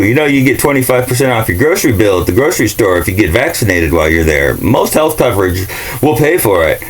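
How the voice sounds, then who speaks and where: A man's voice: lowish voice, big pitch swings, quick pace, husky, poor audio. A man ranting in a casual, profane and sarcastic monologue vlog. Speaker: vlogger.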